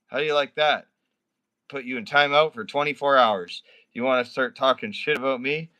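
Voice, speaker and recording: Man streamer ranting with bright voice. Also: medium pitch, moderate pace. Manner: swearing, ranting at a viewer; mumbling and reluctant at first. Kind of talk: live stream chat with viewers.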